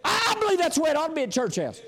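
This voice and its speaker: A man's voice: very high voice, huge pitch swings, racing, a bit bright, long reverb tail. A man preaching a sermon, folksy and storytelling, sometimes exclamatory and sometimes chatty. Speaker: visiting preacher.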